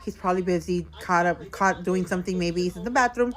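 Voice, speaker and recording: A woman's voice: lowish voice, fast talker. A tipsy woman venting to her viewers from a hotel room in a casual storytime vlog, chatty and calling them girl and y'all. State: a little tipsy. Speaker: vlogger.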